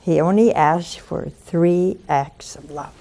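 A woman's voice: low-pitched, steady tone, slow, gravelly, dark tone. A woman preaching a conversational sermon and hosting a call-in show, pleading and coaxing, with rhetorical asides to her listeners.

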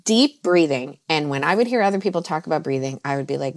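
On a podcast, a woman who works as a mindset coach gives conversational advice at a fairly quick pace, often laughing mid-sentence. When quoting herself she jumps into high, exaggerated voices, then turns soft and low when talking about calming down.

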